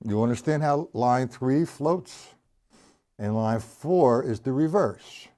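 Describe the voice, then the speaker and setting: A man teaching drums on a live stream, counting rhythms slowly aloud and chatting with his viewers. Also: mid-range voice, mellow, soft background music. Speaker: drum teacher. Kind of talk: live-streamed drum lesson. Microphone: single mic, sometimes hidden by his shirt.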